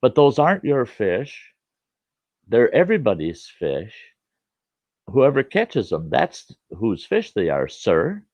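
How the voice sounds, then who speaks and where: A man voicing a polite, respectful but stubborn young boy, in a high earnest voice. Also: huge pitch swings, slow pace, a little mellow, no echo, full character voice. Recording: dull lo-fi dry recording.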